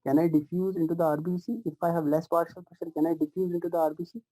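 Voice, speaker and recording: A man's voice: fairly high pitch, level tone, fast talker, rough recording. A man teaching a live online pathology class, asking his students question after question, correcting himself and using many fillers. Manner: repetitive questioning, addresses students warmly as "my dears" and "guys"; frequent fillers and self-corrections.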